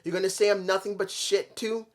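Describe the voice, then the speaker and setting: A man's voice: high-pitched, level tone, brisk, natural voice. Defensive wrestler, voiced by a man, bitter and accusing. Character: defensive, hurt male wrestler.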